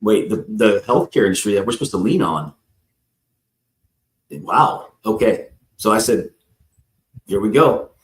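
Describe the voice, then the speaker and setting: A man's voice: on the low side, expressive, measured pace, long pauses. A man who is a guest on a live talk show, telling a long personal story in a rambling way, acting out the people in it and often addressing the host by name. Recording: roomy echo.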